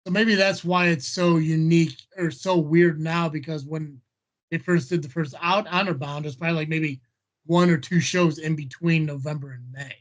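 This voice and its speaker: Male co-host, slightly high voice, mocking and profane banter. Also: steady tone, normal speed. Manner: teasing, swears freely. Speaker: podcast co-host. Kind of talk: casual chat.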